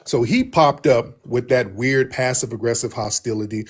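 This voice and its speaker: A man with a husky, somewhat rough voice hosts a casual livestream. He talks bluntly and mockingly, circling back to the same points again and again. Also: medium pitch, moderate pace, hardly any pauses. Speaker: livestream host.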